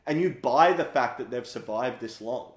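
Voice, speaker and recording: A man's voice: mid-range voice, lively intonation, normal speed. A man co-hosting a casual film discussion podcast, critical and walking through plot points step by step. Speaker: podcast co-host. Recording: echoey room.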